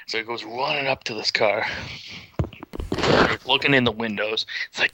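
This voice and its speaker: A man's voice: medium pitch, moderate pace, slight background noise. A young man streaming and telling a funny story casually, laughing and swearing. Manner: animated, laughing, profane.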